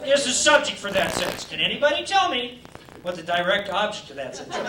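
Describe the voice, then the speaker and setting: A man's voice: very high-pitched, big pitch swings, fairly quick, distant mic, very noisy. A man doing a stand-up set in a comedy club, teasing the crowd with crude jokes. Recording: roomy club taped from afar, loud crowd.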